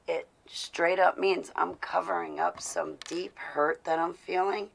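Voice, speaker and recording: A woman's voice: low-pitched, gravelly, low-quality recording. A woman talking to her live-stream viewers, confessional and intense, growing indignant as she talks. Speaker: vlogger speaking to live viewers. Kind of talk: casual live-stream talk.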